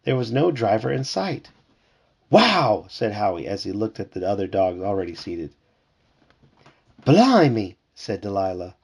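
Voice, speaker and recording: A man reading a storybook aloud to his child at home, lively and putting on character voices. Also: on the low side, fairly quick, vocal fry, hardly any pauses.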